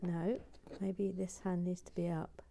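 A woman's voice: lowish voice, little pitch movement, a little slow, creaky, warm tone, a little hiss or hum. A woman chatting casually as she builds toys, with wry, playful remarks and frequent whispered asides. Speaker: host. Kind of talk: casual narration of a toy build.

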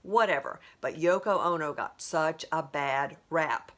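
A woman's voice: sits low, unhurried, fairly bright tone. A woman in her sixties hosting a podcast, talking in a chatty, rambling monologue full of asides and laughs. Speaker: podcast host. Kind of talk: casual monologue.

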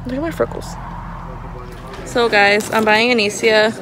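A woman's voice: medium pitch, steady tone, unhurried, a crowd in the background. A young woman talking casually to her vlog viewers and filling her sentences with "like". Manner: chatty, fills speech with "like". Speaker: vlogger.

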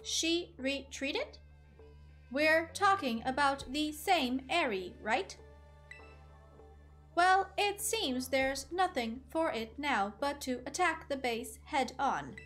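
A woman voicing a robotic synthetic female messenger while reading game dialogue aloud, speaking slowly and evenly with deliberate pauses. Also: high-pitched, animated, fairly bright tone, faint music behind, heavily acted. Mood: measured.

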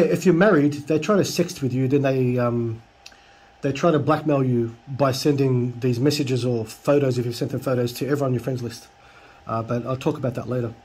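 A man telling a casual story to his viewers, reading chat messages aloud with sarcastic, deadpan asides and mimicking the other side's lines. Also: breathy edge. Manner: mimics the scammers' lines in a higher voice. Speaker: youtuber.

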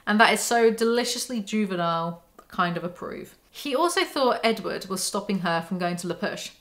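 A woman's voice: medium pitch, expressive, normal speed. A woman with a mid-range voice reads aloud from a novel, then cuts in with dry, sarcastic asides. Her commentary is mocking and conversational, like a YouTuber tearing apart a book.

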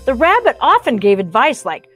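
A woman reading a picture book aloud to children, animated, with chatty asides and playful sound effects. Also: a little high, normal speed, faint music behind. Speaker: storybook reader.

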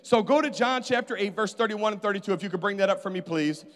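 A man's voice: high-pitched, fast, a bit bright. A man preaching a sermon as pastor, calling out to his congregation for responses. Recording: hall reverb.

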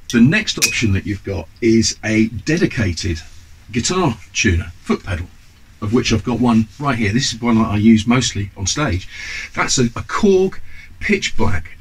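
Chatty husky-voiced man teaching guitar. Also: on the low side, expressive, moderate pace, rough recording. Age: 50s. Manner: chatty, enthusiastic, lots of ums and asides. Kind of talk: casual instructional talk to camera.

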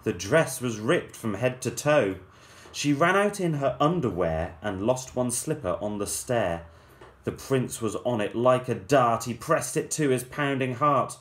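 A male teacher reading a rhyming story aloud to children in a measured, playful storyteller's manner. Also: mid-range voice, lively intonation, a bit bright.

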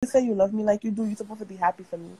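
A woman's voice: medium pitch, mellow, husky, poor audio. A young woman arguing bluntly and defiantly as a guest on a livestream. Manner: blunt, defiant, fast-talking. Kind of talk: livestream argument.

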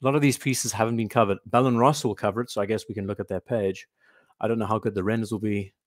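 Speaking fast in a steady, lowish voice, this man hosts a relaxed watch livestream, musing aloud and breaking off to read and respond to chat comments. The recording is close and dry, with no echo or room sound.

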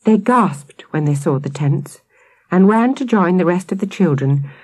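A woman narrating a children's audiobook with an expressive, dramatic reading. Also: on the low side, moderate pace, breathy edge, no echo.

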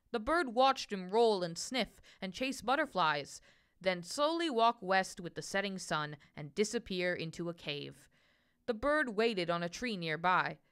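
Bright, lively woman reading a picture book. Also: mid-range voice, clean tone. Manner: gentle, expressive storytelling. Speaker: storyteller. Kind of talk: children's picture-book read-aloud.

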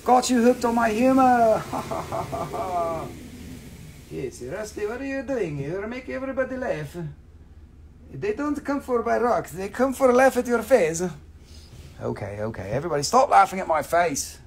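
A man's voice: high-pitched, a little slow, creaky, slight background noise. A man hosting a live rock sale stream, joking and swearing as he goes. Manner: joking, profane, animated. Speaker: livestream rock seller. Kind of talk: live sales stream, casual chat.

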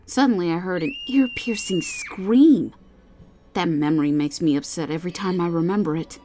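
A woman narrating a first-person horror story, calm and soothing when she speaks as the dispatcher. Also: on the low side, normal speed. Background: faint music.

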